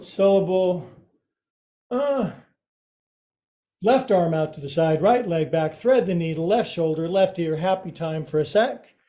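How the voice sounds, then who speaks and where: A man leads a yoga class, calling out poses with goofy asides and sound effects. His voice sits fairly high for a man, with a mellow, soft tone, and he takes his time between cues. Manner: playful, jokey instruction with silly sound effects. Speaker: yoga teacher.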